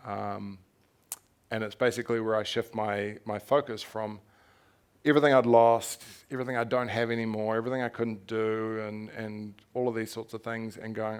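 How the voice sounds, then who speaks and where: With a fairly low, clean-toned voice that doesn't move much in pitch, a young New Zealander talks at normal speed on a festival stage as a featured author. He tells his story with frankness and animation, laughing and letting the odd swear word slip.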